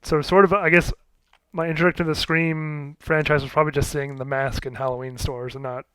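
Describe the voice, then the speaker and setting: A man co-hosts a casual podcast chat and hedges his words in a tentative way. His voice sits a little high. The sound is dry and close. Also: little pitch movement, brisk, a bit bright, smooth, no echo. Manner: tentative, hedging. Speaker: podcast co-host.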